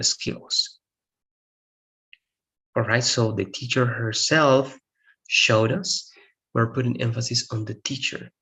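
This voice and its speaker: A man's voice: medium pitch, vocal fry, a bit bright. A man teaching an English grammar lesson, explaining patiently, repeating examples and checking in with "all right?". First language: Spanish.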